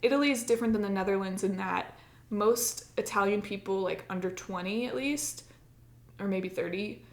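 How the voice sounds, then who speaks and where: A woman's voice: medium pitch, normal speed, roomy sound. A woman on a podcast telling a personal story in casual chat, full of "like" and acting out her own past lines. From United States. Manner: chatty, many likes, acts out her own past lines. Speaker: podcast co-host.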